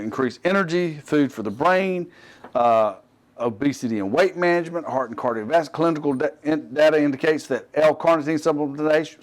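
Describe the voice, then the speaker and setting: A middle-aged Southern man hosts a fitness show in loose, unscripted talk. His voice sits a little high for a man. He rambles, cuts himself off and drops joking asides. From US Gulf Coast.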